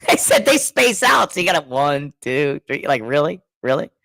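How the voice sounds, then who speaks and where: A man's voice: a little high, normal speed, gravelly, dry recording. A middle-aged man telling stories in casual podcast chat, swearing and laughing as he goes. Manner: animated storyteller, laughs often, swears freely. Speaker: podcast co-host.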